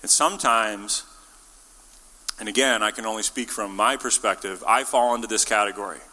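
A man delivers a conversational sermon, casual and playful, slipping into little acted-out voices for the people in his story. His tone is bright and forceful. A long reverb trails after him, as in a large church. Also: lowish voice, normal speed. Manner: casual and jokey, acts out quotes. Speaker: preacher.

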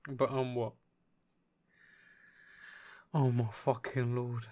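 Young man, from the UK, casual podcast banter, teasing, crude, sweary, mid-pitched voice. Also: fairly even intonation, slow, pauses often, a little mellow. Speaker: podcast co-host.

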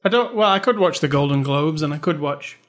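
Higher-voiced man co-hosting a podcast. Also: expressive, brisk, fairly bright tone. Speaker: podcast co-host. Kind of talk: casual chat.

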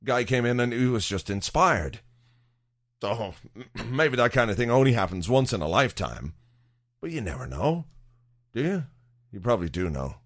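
A man's voice: medium pitch, very animated, normal speed, pauses often, a bit bright. A man hosting a podcast, rambling through casual football chat with jokey asides. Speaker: podcast host.

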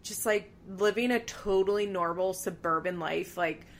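A woman's voice: mid-range voice, normal speed, slight background noise. A young woman hosting a podcast, chatting casually and animatedly about a reality show, with lots of "like". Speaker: podcast host. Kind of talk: casual chat.

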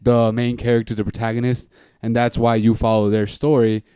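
A man's voice: mid-range voice, level tone, brisk, mellow, clean tone, no echo, studio quality. A man in casual podcast chat about TV shows, thoughtful and hesitant, summing up what the other speaker says.

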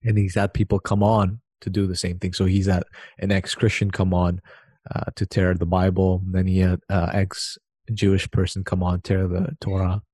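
A man's voice: low-pitched, monotone, moderate pace, darkish tone, breathy edge, no echo. A man with a slight lisp from a knocked tooth, chatting casually and rambling, often restarting his sentences. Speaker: conversation partner. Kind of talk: casual chat.

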